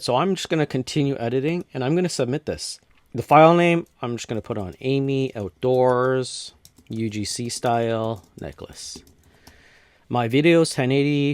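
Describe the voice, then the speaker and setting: A man from North America casually walking through a software tutorial step by step, with frequent restarts. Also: mid-range voice, no echo. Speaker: tutorial host. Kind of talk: screen-recorded software tutorial.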